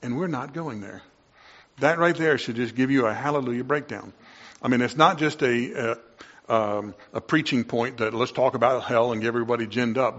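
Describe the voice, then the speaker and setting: A man preaching a sermon, moving between quiet reflection and loud, excited exclamations. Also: mid-range voice, moderate pace, muffled recording. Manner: impassioned, swings from quiet to loud.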